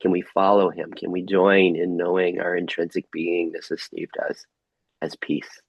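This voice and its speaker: Breathy-voiced man guiding a workshop. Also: low-pitched, monotone, moderate pace, dry recording, muffled recording. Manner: gentle, inviting, asks soft reflective questions. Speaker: workshop facilitator. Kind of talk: guided group workshop facilitation. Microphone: video call.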